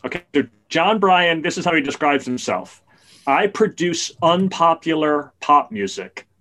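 A man on a podcast, telling a long story in a casual, animated way. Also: on the high side, measured pace. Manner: animated storyteller, gets excited and loud at punchlines. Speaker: podcast co-host. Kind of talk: casual chat.

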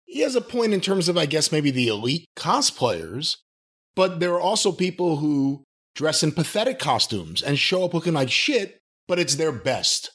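A man co-hosting a podcast, teasing with sarcastic, deadpan replies. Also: on the high side, normal speed, husky. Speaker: podcast co-host. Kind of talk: casual podcast banter.

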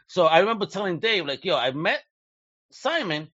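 A man co-hosting a casual chat, excitable and quick to laugh and swear. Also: high-pitched, no echo, muffled recording.

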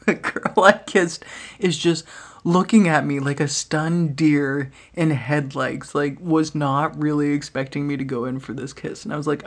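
A woman's voice: sits low, steady tone, unhurried. A woman hosting a podcast who tells stories in a rambling, casual way, laughing often and swearing freely. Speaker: podcast host. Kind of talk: casual storytelling monologue.

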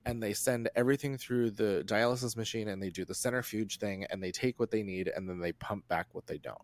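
A man's voice: fairly low pitch, a little fast. A man as a podcast guest in casual chat, rambling, laughing often and swearing freely.

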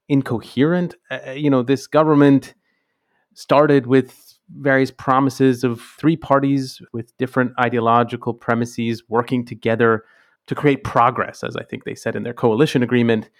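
A podcast host posing a long, thoughtful question, hedging with "I mean" as he builds it. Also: medium pitch.

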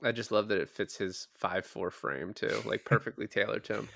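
A man's voice: on the low side, normal speed, gravelly, a bit bright, no echo. A man co-hosting a podcast, casually retelling movie scenes and explaining legal details, swearing now and then. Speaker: podcast co-host, lawyer.

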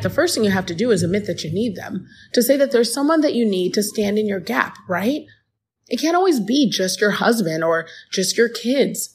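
A woman's voice: mid-range voice, darkish tone. A woman hosting a podcast, telling a personal story in an earnest, encouraging way and speaking straight to the listener. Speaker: podcast host. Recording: music playing behind the voice.

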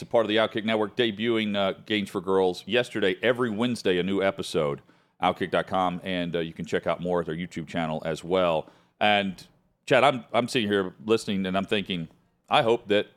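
Male sports radio host, low voice, relaxed chatty banter. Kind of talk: casual chat.

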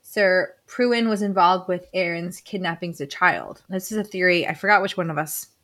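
A woman's voice: on the low side, normal speed, fairly bright tone. Woman co-host leading a book chat. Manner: leads the discussion, reads out list items, laughs often. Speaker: podcast co-host.

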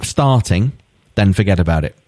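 A man's voice: sits low, animated, normal speed, darkish tone. A man hosting a football podcast, asking his guests questions and joking around. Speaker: podcast host. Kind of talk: casual football chat.

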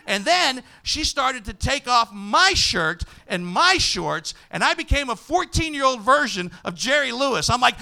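A man with a high, sharply bright voice tells a comic story as a podcast host. His delivery is loud and animated, often jumping into shouts for effect. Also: moderate pace, gravelly, few pauses.

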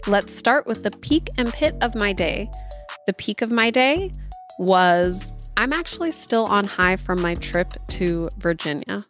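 A woman's voice: mid-range voice, expressive, unhurried, a bit bright, soft background music. A woman in her thirties hosting a parenting podcast, chatting directly to listeners and calling them y'all. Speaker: podcast host. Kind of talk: casual solo podcast talk.

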